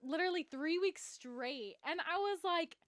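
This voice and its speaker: High-voiced young woman chatting. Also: animated, moderate pace, a bit bright, dry recording, clean studio sound. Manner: rambling with many fillers like "like" and "literally". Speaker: podcast co-host. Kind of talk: casual chat.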